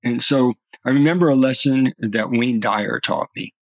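A man's voice: mid-range voice, moderate pace, no room sound, low-quality recording. A middle-aged man, a podcast guest, telling personal stories earnestly and often restarting his words. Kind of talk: earnest storytelling in conversation.

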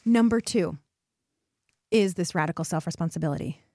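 A woman's voice: fairly low pitch, moderate pace, darkish tone, no room sound, clean studio sound. A woman hosting a motivational solo podcast, speaking to her listeners in an earnest, encouraging way. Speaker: podcast host.

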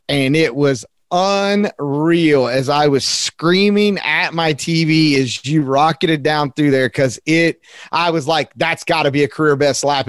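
A man's voice: fairly high pitch, smooth, dry recording, clean studio sound. A man hosting a casual interview, recounting events dramatically. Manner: builds a story dramatically, drawn-out emphasis. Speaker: podcast host.

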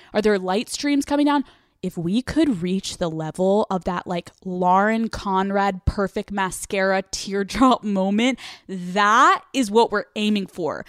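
A young woman hosting a podcast, giving blunt breakup advice with lots of swearing and quick laughs. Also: mid-range voice, no room sound, clean studio sound. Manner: blunt, profane, laughs mid-sentence. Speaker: podcast host. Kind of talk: casual advice monologue.

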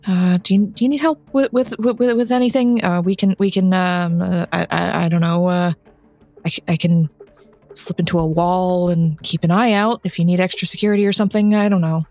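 A man's voice: sits high, measured pace, soft background music. A woman voicing an awkward, nervous young male vampire who stammers and trips over his words. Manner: stammering, nervous, eager to help.

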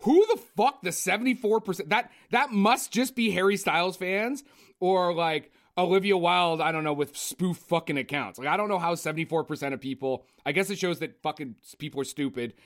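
A man ranting in a casual, profane film review chat, animated and blunt. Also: high-pitched, a little fast. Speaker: podcast co-host.

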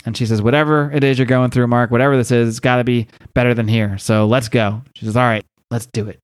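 A man hosting a comics podcast, casually recapping a story and acting out the dialogue in raised, excited voices. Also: fast, dry recording, clean studio sound. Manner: acts out dialogue with high-pitched voices, swears casually. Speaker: podcast host.

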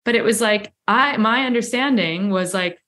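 A woman's voice: medium pitch, moderate pace, pushed and bright. A woman guest on a talk show, telling a personal story in a reflective, candid way, often saying "like" and "right?". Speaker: podcast guest. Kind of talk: conversational storytelling.

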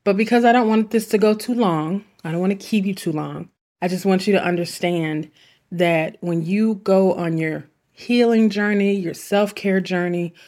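A woman's voice: mid-range voice, a little mellow. A woman hosting a self-help podcast, speaking in an earnest, chatty way with asides. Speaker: podcast host. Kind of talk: reflective self-help talk.

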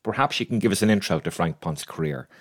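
A man's voice: low voice, lively intonation, quick pace. A man hosting a podcast interview, with polished, formal phrasing. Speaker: podcast host.

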